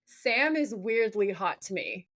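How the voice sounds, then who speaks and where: Animated, swearing woman podcaster. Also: slow. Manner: animated, profane, acts out quotes in a gruff low voice. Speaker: podcast co-host. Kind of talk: casual chat recapping a TV episode.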